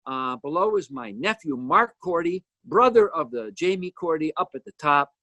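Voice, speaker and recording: A lively older man talks through his music video in a casual, joking way. His voice sits a little high for a man and jumps around a lot. The sound is close and dry, with almost no room in it. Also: normal speed, dry recording. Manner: jokey, animated, teasing asides. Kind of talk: casual commentary. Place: home.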